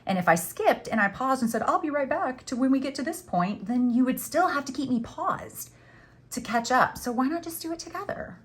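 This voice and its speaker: A woman's voice: sits high, expressive, brisk. A middle-aged woman hosting a crochet tutorial, chatting casually and teasing herself while she works. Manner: chatty, self-teasing, says "y'all".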